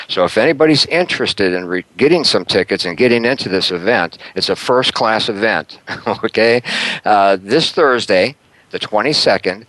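A man's voice: lowish voice, a bit bright, no echo, low-quality recording. A man hosting a talk radio show in a chatty, upbeat way, with plenty of fillers and small laughs.

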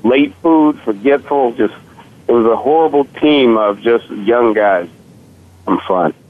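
A man's voice: mid-range voice, a little slow. A man in his forties from Virginia with a slight Southern accent, a comedian guest joking sarcastically in a casual podcast chat. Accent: slight Southern rural Virginia. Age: 40s. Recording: tinny phone line.

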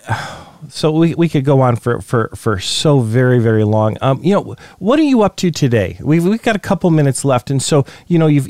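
A man's voice: mid-range voice, darkish tone, no echo. A male host interviewing a guest, hesitant and full of fillers and repeated words.

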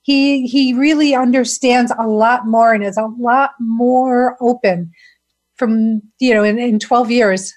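A woman's voice: fairly high pitch, fairly even intonation, takes it slowly, a little mellow. A woman hosting an interview, chatting casually and laughing easily. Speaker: podcast host.

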